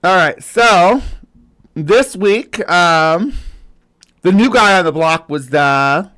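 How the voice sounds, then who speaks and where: A man's voice: high-pitched, expressive, slow pace, sharp tone. A man hosting a casual livestream, rambling with lots of fillers and restarts. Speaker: host.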